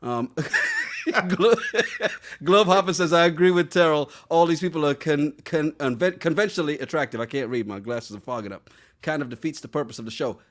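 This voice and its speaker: A man's voice: on the high side, moderate pace, fairly bright tone. A man in his thirties co-hosting a casual podcast chat, teasing his partner and reading out viewer comments. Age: 30s. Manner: teasing, playful questioning. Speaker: podcast co-host.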